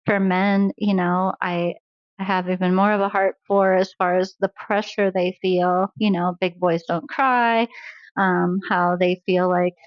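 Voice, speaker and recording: Earnest woman guest, mid-pitched, dry and dull lo-fi recording, laughs easily. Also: little pitch movement, a little slow, no echo. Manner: earnest, laughs often while telling stories. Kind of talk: faith-based interview conversation.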